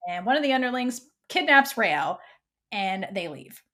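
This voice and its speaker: A woman co-hosting a fan podcast, retelling a TV episode in a casual, animated way and quoting the characters' lines. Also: mid-range voice, moderate pace. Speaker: podcast co-host.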